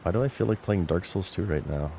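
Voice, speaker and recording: A man whose voice sits low speaks briskly with vocal fry, slight background noise audible, as he streams a game. He's laid-back and talkative, offering casual commentary and muttering to himself while playing.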